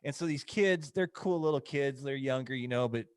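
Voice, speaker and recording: A man's voice: medium pitch, normal speed, no echo, clean studio sound. A man co-hosting a casual podcast chat, telling a story in a laid-back way. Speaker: podcast co-host.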